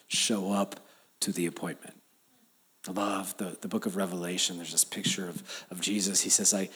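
Storytelling male pastor, soft to emphatic. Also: creaky, slightly rough. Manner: storytelling, rising to emphatic peaks then dropping soft and low. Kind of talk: sermon.

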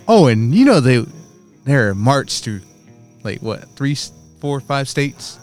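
A man co-hosts a casual, crude podcast outdoors at night. He tells stories, mimics his friends in mocking voices, and leans into dark jokes. Crickets chirp behind him, with faint music underneath. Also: medium pitch, sing-song, drawn-out words. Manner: storytelling, mock-quoting others, dark jokes. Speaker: podcast co-host. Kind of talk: casual chat.

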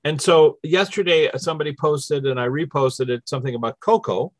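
A man's voice: on the high side, fairly quick, dry recording. A man hosting a casual spiritual chat, walking listeners through numbered steps. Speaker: host.

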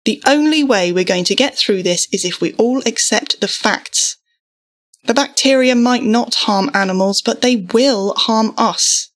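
A weary mother, as a woman narrator voices her, speaks firmly and stays measured. Her tone is steady and controlled. It sounds like a storybook reading. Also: fairly high pitch, pitched above the performer's own voice. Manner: firm and measured. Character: firm, weary mother keeping calm.

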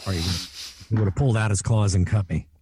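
A middle-aged Canadian voice actor with a low, warm tone talks through his career stories in a relaxed interview. He is lively and keeps breaking into quick impressions of people he worked with. The sound is close and dry, with no room around it. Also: breathy edge, dry recording. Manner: animated, jumps into quoted voices. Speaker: voice actor guest. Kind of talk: casual interview storytelling.

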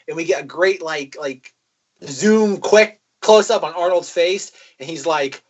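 A man's voice: on the high side, animated, normal speed, husky, muffled recording. A man co-hosting a podcast, recapping a film casually with lots of fillers. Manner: rambling, filler-heavy storytelling. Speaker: podcast co-host.

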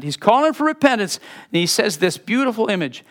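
Male pastor, sermon delivery, high tenor, wide swooping pitch, animated with soft drops. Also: fairly quick.

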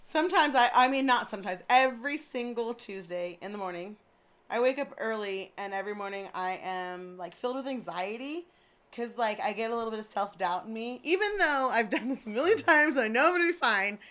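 A woman cook guesting on a podcast, chatty and joking, quick to laugh. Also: a little high, a bit bright. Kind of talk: casual podcast chat.

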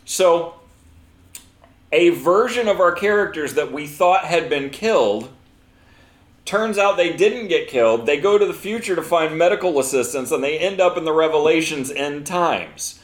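A man's voice: a little high, expressive, normal speed, echoey room. A man casually recapping a movie on a podcast, rambling and acting out quoted lines.

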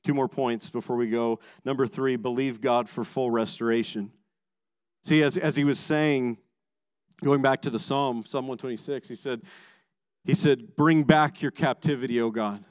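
A man preaching a sermon as pastor, emphatic, moving between raised passages and hushed low ones, often repeating words as he starts a sentence. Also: fairly even intonation, moderate pace, smooth, no echo.

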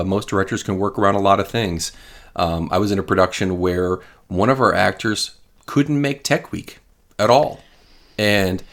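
A man's voice: fairly low pitch, fairly bright tone. Chatty, encouraging man hosting an interview. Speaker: interview host. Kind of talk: casual interview chat.

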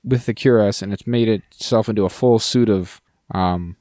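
A man's voice: fairly low pitch, moderate pace, mellow, no echo, studio quality. A man co-hosting a podcast, recapping scenes in an enthusiastic, slangy casual chat. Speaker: podcast co-host.

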